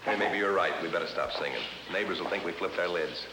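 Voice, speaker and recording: An actor playing an easily flustered young husband in a 1950s sitcom, sing-song and defensive. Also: male voice, low voice, quick pace, lightly acted. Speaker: sitcom lead. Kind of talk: 1950s live TV sitcom acting. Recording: hissy, echoey 1950s TV soundtrack.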